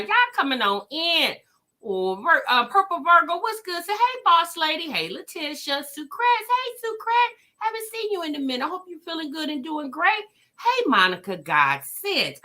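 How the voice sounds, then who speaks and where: Woman livestream host, high and sharp-toned, chatty and sassy. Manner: chatty, greets viewers by name, sassy asides. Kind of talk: casual livestream commentary.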